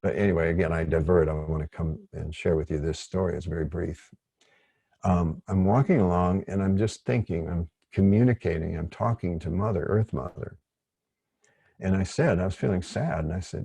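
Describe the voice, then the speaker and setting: A man leading an online workshop, speaking in a gentle, rambling, digressive way. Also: deep voice, normal speed, creaky, slightly rough, no room sound. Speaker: workshop facilitator.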